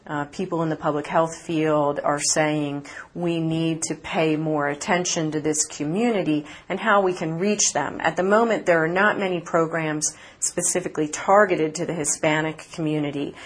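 A woman reporter answering interview questions in an articulate, measured way, with occasional fillers. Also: sits low, fairly even intonation, husky. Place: conference city, remote from host.

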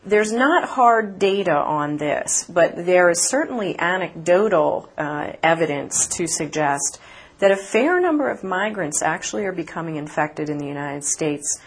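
A woman reporter answering interview questions in an articulate, measured way, with occasional fillers. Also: fairly low pitch, lively intonation, breathy edge. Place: conference city, remote from host.

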